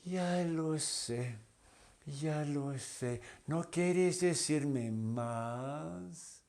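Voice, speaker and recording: A man's voice: a little high, very slow, creaky, darkish tone, pitched above the performer's own voice, heavily acted. A man voicing a vain little female butterfly in a storybook tale, speaking coy and sing-song.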